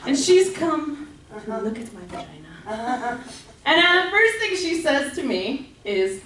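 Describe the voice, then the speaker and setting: A woman's voice: high-pitched, very animated, a little slow, a bit bright, far from the mic. A young woman doing a stand-up comedy set in a club, talking conversationally with self-deprecating asides. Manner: conversational, self-deprecating, laughing through punchlines. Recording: roomy club audio with audience noise.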